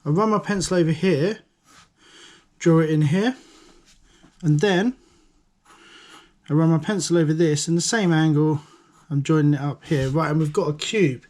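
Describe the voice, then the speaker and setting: Monotone man teaching, out of breath. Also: fairly high pitch, moderate pace, pauses often. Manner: calm, explains while drawing. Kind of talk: step-by-step drawing lesson.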